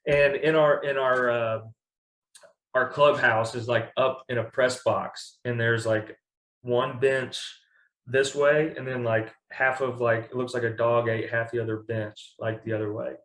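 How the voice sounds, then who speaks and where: A man's voice: mid-range voice, steady tone, measured pace, fairly bright tone. A young man from Kentucky telling stories as a guest in a casual interview, rambling and full of fillers. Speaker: baseball pitcher, guest. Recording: echoey room.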